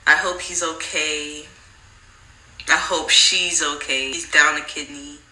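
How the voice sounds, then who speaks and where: Woman gossiping, bright voice, lively pitch, echoey room. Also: takes it slowly. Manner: incredulous, laughing, blunt. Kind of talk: casual chat commentary. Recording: roomy echo.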